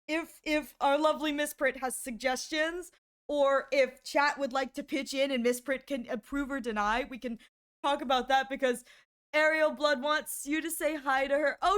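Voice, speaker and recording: A woman streamer chatting casually on a live stream, excitable and laughing often, gushing thanks and shrieking in mock horror. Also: sits high.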